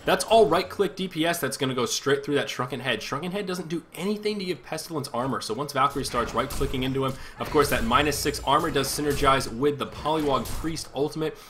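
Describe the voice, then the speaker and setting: A man calling a live esports match on his own with a bright, forward voice at an ordinary middle pitch. He runs a chatty play-by-play, breaks off to think aloud and corrects himself without losing the thread. There is a faint hiss of noise behind him. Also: fast, few pauses. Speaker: esports caster. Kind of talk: live play-by-play game commentary.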